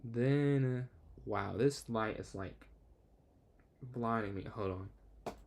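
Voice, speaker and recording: A man's voice: mid-range voice, gravelly, a little hiss or hum. A young man streaming chess, casually talking through his moves and answering chat as he plays. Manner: thinks aloud, quick asides to chat; excitable outbursts when the game turns. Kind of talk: casual live game commentary.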